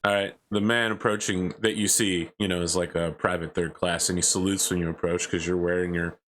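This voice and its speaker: A man's voice: sits low, flat delivery, fairly quick, fairly bright tone, a little hiss or hum. A man narrating a tabletop game as game master in a casual, descriptive way.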